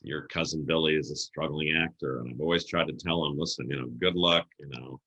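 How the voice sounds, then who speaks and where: Middle-aged male guest, low bright voice, lively storyteller, roomy echo. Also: brisk. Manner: animated storyteller acting out quoted voices. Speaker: podcast guest, event planner. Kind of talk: casual storytelling interview.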